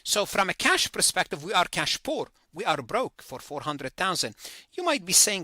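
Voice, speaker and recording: Man, slightly high, bright voice; lectures by thinking aloud and correcting himself. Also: sing-song, normal speed, no echo. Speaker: accounting lecturer. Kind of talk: recorded lecture.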